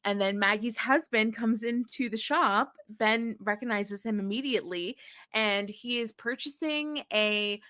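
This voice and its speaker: Bright-voiced woman recapping casually. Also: a little high, measured pace, no echo, clean studio sound. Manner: chatty, steady storytelling. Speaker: podcast co-host. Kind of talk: casual chat, recapping a TV episode.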